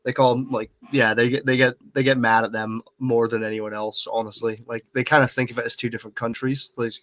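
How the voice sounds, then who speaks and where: A man's voice: mid-range voice, level tone, brisk, fairly bright tone, no room sound. A northern English man, a guest musician, chatting easygoingly and swearing casually. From northern England. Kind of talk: casual interview chat.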